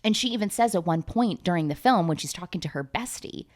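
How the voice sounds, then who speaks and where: A woman tells the story of a movie in a breathless, gossipy rush. Her voice sits a little low, then shoots up into loud, squealing outbursts and salty asides, and she talks as if she is chatting with a friend. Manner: fast, animated, profane, with big comic pitch jumps. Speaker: vlogger recapping a movie. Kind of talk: casual chat.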